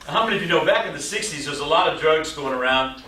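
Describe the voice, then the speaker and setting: Man in his 60s, motivational speaker, lively storyteller who quizzes the crowd; bright tone, recorded from afar in a large hall. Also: fairly high pitch, rapid-fire. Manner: animated, quizzes audience with rhetorical questions, jokey. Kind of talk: stage keynote storytelling. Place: large hall with live audience. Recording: echoey hall, mic at a distance, faint noise.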